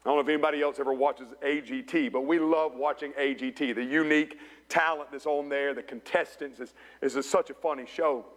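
A man preaching a sermon as pastor in a church, building to passionate peaks and dropping to hushed storytelling. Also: on the high side, steady tone, brisk, hardly any pauses. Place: church sanctuary. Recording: long church reverb.

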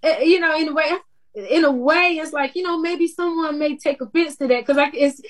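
Woman, news anchor as guest, fairly high voice, laughs a lot, easygoing. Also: brisk. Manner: laughs often, lively and down to earth. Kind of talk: casual interview chat.

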